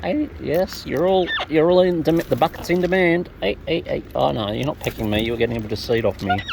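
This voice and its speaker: A woman feeding and filming wild birds outside talks to them in cooing baby-talk. She speaks fairly quickly in a low voice that's creaky and a little mellow, over a noisy outdoor soundtrack full of birds.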